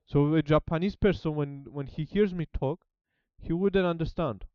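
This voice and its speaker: A man's voice: on the high side, normal speed, clean tone, no echo, muffled recording. A man with a Greek accent, a native Greek speaker, talking casually as he studies a language and thinks aloud with many restarts. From Greece. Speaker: language learner documenting his study. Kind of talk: casual self-study talk.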